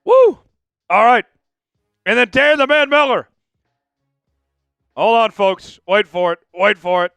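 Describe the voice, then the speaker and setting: Loud laughing guy hosting a sports stream, kinda high voice, dry close mic with a bit of music under it. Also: expressive, a little slow, creaky, pauses often, smooth, dry recording. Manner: rowdy, laughs a lot, bursts into loud chants. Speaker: sports show host. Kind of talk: live stream chat with viewers.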